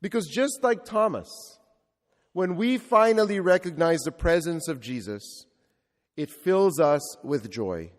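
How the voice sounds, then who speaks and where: A male Catholic priest preaching a sermon with reflective storytelling and rhetorical repetition. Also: fairly high pitch. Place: church. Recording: long reverb of a large church.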